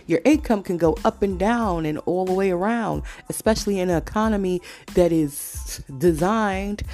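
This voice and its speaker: Low, gravelly American woman venting. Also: warm tone. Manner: emphatic, profane, repeats for emphasis. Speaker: podcast host. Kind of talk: casual monologue. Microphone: podcast mic.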